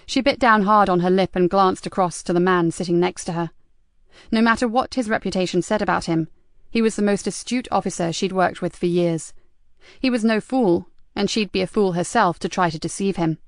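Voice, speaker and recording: A woman reading a crime novel aloud as the audiobook narrator, in a steady, even way. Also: mid-range voice, no echo, clean studio sound. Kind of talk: scripted narration.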